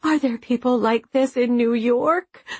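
A woman's voice: measured pace, darkish tone, husky, no room sound. A woman doing a wailing, weepy mother. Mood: mournful. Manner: high, wailing and tearful. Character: weepy mournful middle-aged mother.

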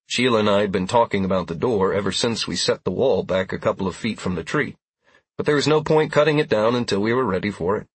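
A man narrating a first-person audiobook in an even, steady storytelling manner. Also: fairly low pitch, fast, breathy edge, no echo.

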